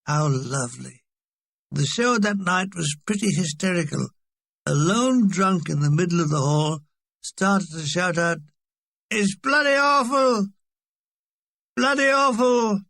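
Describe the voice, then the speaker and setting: A man's voice: on the high side, lively intonation, moderate pace, creaky, a bit bright, dry recording. A man reading a comic memoir aloud with a wry, dry delivery. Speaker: audiobook reader.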